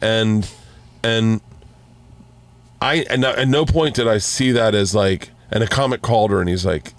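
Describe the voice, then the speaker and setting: A man telling stories in casual chat as a podcast guest, animated, restarting sentences and swearing freely. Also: fairly low pitch, a little slow, pauses often.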